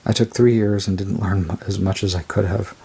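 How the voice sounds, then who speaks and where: A man casually reviewing a tarot deck, rambling and unhurried as he describes each card. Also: deep voice, steady tone, gravelly, warm tone, husky. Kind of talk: casual show-and-tell review.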